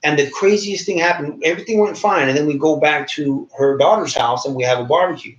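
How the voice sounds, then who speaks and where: Male podcast co-host, thirties, slightly high voice, lively storyteller; roomy, dull recording. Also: a little fast. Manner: animated storyteller, acts out quoted voices. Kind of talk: casual storytelling chat. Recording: roomy, dull low-fi sound.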